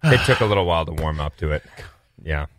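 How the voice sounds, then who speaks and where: Low-voiced man in dry studio banter. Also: lively intonation, fast, no echo. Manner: wry, teasing, laughs often. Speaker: radio show co-host. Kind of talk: casual morning radio banter.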